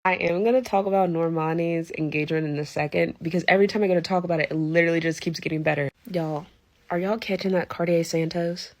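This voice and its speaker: Low-voiced woman gushing in casual chat. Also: steady tone, fast, no room sound. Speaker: commentator.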